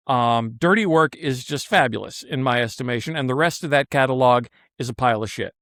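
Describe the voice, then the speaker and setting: A man's voice: medium pitch, fairly quick, hardly any pauses, fairly bright tone, no room sound, studio quality. A man in casual chat, blunt and opinionated, swearing freely as he makes his case.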